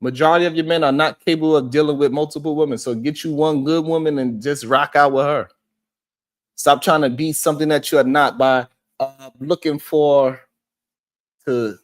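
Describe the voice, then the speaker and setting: A man's voice: on the high side, moderate pace. A man hosting a live-stream show, giving preachy commentary with frequent swearing and talking directly to his viewers. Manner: animated, preachy, swears often, talks to viewers. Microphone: streaming setup.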